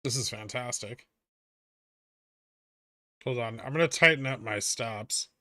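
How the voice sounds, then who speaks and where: Male stream host, mid-pitched voice, irreverent and jokey, swears freely, reads chat in a dry, close sound. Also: unhurried, bright, forceful tone, no room sound. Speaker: livestream host. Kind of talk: casual livestream chat reading.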